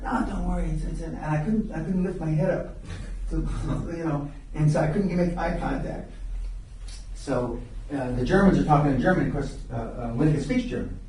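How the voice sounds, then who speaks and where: A man's voice: a little high, moderate pace, warm tone, slight background noise. An older man telling stories at a live seminar, blunt and profane, often stopping to restart his sentences. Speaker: seminar speaker. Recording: very echoey room, recorded from far off.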